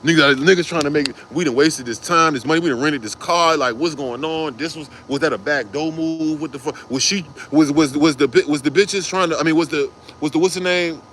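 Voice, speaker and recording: A man's voice: on the high side, a little fast, hardly any pauses, a bit bright, slight background noise. A man telling a wild personal story in casual street slang, cursing freely and acting out other people's voices.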